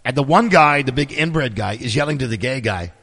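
A middle-aged man hosting his podcast, telling stories in a sarcastic, profane, animated casual monologue. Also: mid-range voice, a little fast, big-room sound. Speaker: podcast host.

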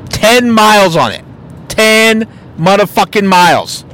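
A young man hosting a podcast, telling a story in a casual, profane way and acting out other people's lines with lively swings in his voice. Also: high voice, a little slow. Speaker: podcast host.

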